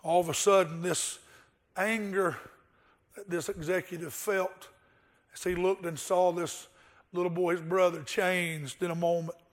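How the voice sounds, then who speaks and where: A man's voice: high-pitched, flat delivery, unhurried. A male pastor delivering an earnest sermon, with rhetorical questions and a told story.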